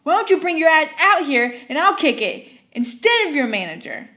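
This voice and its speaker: A woman's voice: sits high, sing-song, moderate pace, bright, forceful tone, voice pushed up, exaggerated voice. A woman voicing a furious man in his fifties who screams and curses at a drive-thru worker. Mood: enraged. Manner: screaming, cursing, ranting.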